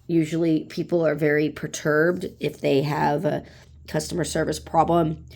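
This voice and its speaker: A woman's voice: deep voice, moderate pace, darkish tone. Blunt, profane woman in her forties. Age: 40s. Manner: blunt and profane, acts out customers in raised voice. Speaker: vlogger. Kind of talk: casual venting monologue.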